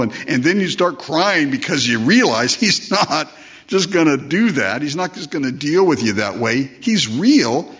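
A man's voice: medium pitch, fairly bright tone. A man preaching a conversational sermon, asking rhetorical questions and acting out the voices he quotes. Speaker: pastor. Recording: dull lo-fi sermon recording.

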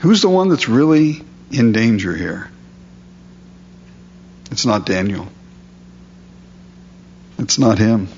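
A man preaching a sermon, reading scripture aloud and then explaining it in a relaxed, conversational way. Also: fairly low pitch, highs cut off, a little hiss or hum. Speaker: pastor.

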